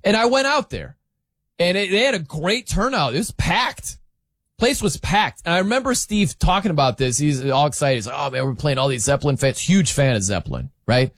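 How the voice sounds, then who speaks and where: A man's voice: fairly high pitch, very animated, normal speed, fairly bright tone, no echo, clean studio sound. A man hosting sports talk, giving opinionated, emphatic commentary that rambles with restarts.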